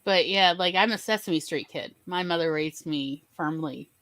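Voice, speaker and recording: A woman hosting a casual live-stream chat, bubbly and exclamatory and quick to laugh. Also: lowish voice, a bit bright, dry recording. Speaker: podcast host.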